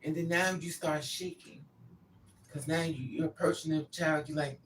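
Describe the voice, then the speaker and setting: A woman's voice: sits low, fairly even intonation, normal speed, far from the mic, a little hiss or hum. A grieving mother giving an impassioned, repetitive spoken monologue. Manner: impassioned, repetitive, acts out pleading quotes.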